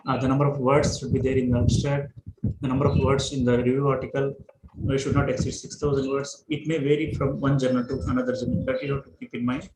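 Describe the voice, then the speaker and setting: A man giving an online lecture over a video call, talking haltingly with many fillers and restarts. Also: medium pitch, little pitch movement. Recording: echoey room with noise.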